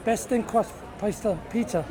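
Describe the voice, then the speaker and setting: A man's voice: high voice, normal speed. A man selling pizza at an outdoor festival, giving short friendly sales lines. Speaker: pizza vendor. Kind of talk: casual street pitch. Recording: noisy street festival crowd.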